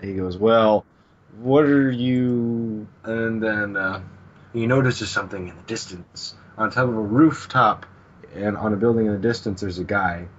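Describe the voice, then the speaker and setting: Male co-host, husky and low, casual recap, lo-fi sound. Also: normal speed, a bit bright. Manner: narrates scenes loosely, with swearing and quoted lines. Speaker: podcast co-host. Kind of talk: casual chat recapping a manga.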